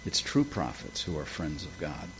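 A man's voice: rumbling low, sing-song, moderate pace, background noise. A man preaching a sermon with folksy, humorous storytelling. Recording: dull lo-fi with faint ambience.

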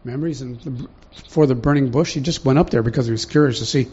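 A man's voice: mid-range voice, fast talker, a little mellow, husky. A man preaching a sermon in a conversational way, often putting questions to the congregation, in a dull lo-fi recording.

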